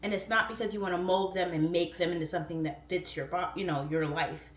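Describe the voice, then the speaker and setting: A middle-aged woman hosting a livestream, rambling casually and swooping into high voices when she quotes herself. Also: steady tone, fast, echoey room. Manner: chatty, rambling, warm-hearted talk with frequent "like" fillers. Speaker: livestream host. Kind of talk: casual chat. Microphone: phone or webcam.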